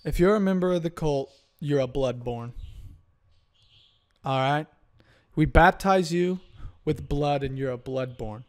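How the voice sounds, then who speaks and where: A young man talks alone into his podcast mic with a somewhat high voice. He swears constantly and rambles, losing his train of thought and starting over. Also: unhurried, pauses often. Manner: profane, rambling, self-interrupting. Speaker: podcast host. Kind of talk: solo podcast rant.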